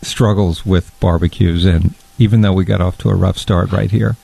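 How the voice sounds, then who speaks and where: A man's voice: deep voice, steady tone, warm tone, exaggerated voice. A man playing an awkward, fussy guest who loves fondue and is easily hurt; he talks earnestly and at length, restarting his sentences often. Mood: resigned. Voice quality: gravelly, halting, stammering. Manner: earnest and long-winded, keeps restarting.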